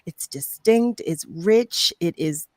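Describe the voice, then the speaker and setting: An effusive woman hosts a live talk show and greets her viewers by name. Her voice sits at a middle pitch and sounds close and dry, with no room around it. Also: lively intonation, slow, no echo. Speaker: host. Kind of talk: casual interview chat.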